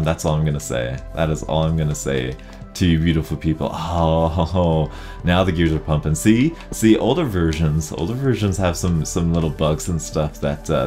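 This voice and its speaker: A man hosting casual gameplay commentary, chatty and excitable, rambling as he plays. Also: low-pitched. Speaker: gaming channel host.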